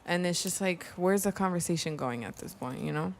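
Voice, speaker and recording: A woman's voice: lowish voice, a little fast, gravelly, a little hiss or hum. A woman guest on a podcast, chatting casually and filling her talk with "like". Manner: relaxed, talks with lots of "like" fillers. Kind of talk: casual chat. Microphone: table mic shared in a small room.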